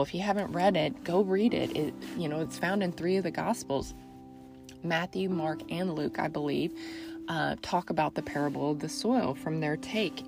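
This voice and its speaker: A woman's voice: on the low side, creaky. A woman hosting a faith talk show, speaking earnestly in casual reflection and repeating phrases for emphasis. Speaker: faith podcast host and author.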